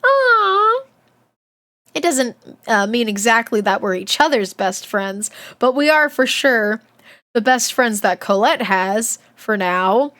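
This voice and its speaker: A woman's voice: fairly high pitch, measured pace, a bit bright. A woman streaming a read-aloud of a children's book, breaking off for chatty, laughing asides. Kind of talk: livestream read-along with chat asides.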